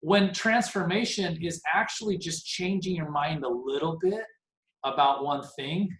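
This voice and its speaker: A man in his forties leads a team meeting over a video call, talking in an animated, rambling way with a self-deprecating edge. His voice sits a little high and jumps around a lot in pitch. The call sounds roomy and echoey. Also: a little slow. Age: 40s. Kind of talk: casual motivational talk on a video call.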